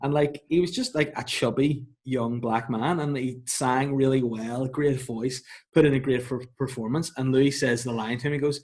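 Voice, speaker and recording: A man, co-hosting a podcast, chatty and quick to laugh along. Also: medium pitch, fairly even intonation, a little mellow. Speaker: podcast co-host. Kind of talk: casual chat.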